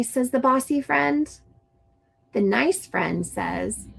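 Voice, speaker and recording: A woman reading aloud and explaining to young children in a slow, gentle teaching manner. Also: medium pitch, expressive, gravelly, breathy edge. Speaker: storytime reader and teacher.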